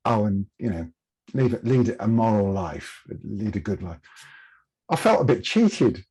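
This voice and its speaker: A man, a podcast guest, telling lively anecdotes in a casual interview and laughing at himself. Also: lowish voice, a little slow, husky.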